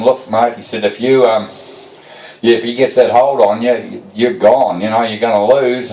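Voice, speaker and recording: A man telling funny yarns to a live audience in a slow, dry, yarn-spinning way. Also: mid-range voice, darkish tone. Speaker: storyteller. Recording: echoey room from far off the mic.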